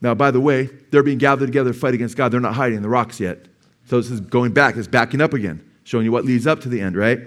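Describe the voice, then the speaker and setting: A middle-aged man preaching a sermon as pastor in a church, emphatic, rising to loud peaks and asking the congregation questions. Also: mid-range voice, quick pace. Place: church sanctuary.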